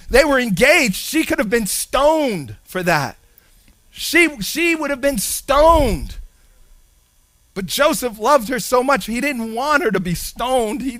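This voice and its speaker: A male preacher delivering a sermon, animated, shifting between hushed and loud with sing-song emphasis. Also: very high-pitched, measured pace, no echo.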